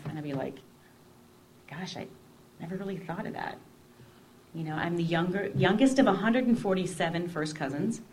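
Low-voiced woman telling her faith story. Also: gravelly, a little hiss or hum. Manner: expressive conversational storyteller, often drops to a hush. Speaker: guest sharing her testimony. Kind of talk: personal faith testimony storytelling.

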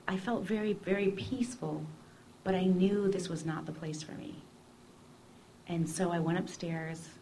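Low-voiced woman telling her faith story. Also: slight background noise. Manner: expressive conversational storyteller, often drops to a hush. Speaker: guest sharing her testimony. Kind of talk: personal faith testimony storytelling.

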